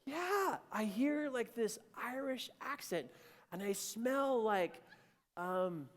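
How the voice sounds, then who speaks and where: A man voicing his excited, earnest wife in a raised, breathless pitch while telling a story. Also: slow pace, full character voice. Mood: wondering. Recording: echoey hall.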